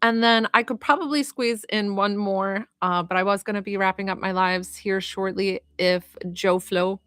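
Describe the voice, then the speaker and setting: A woman working as a medium and healer, talking gently and unhurriedly to viewers during a live-stream reading and healing session, with frequent fillers. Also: medium pitch, dry recording, studio quality.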